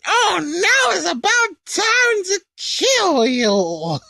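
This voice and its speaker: A man's voice: very high voice, very animated, very slow, gravelly, pushed and bright, dry recording, studio quality, voice pushed up, exaggerated voice. A man voicing a small, gleeful, evil male wizard who crows his orders in a squealing voice. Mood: bossy.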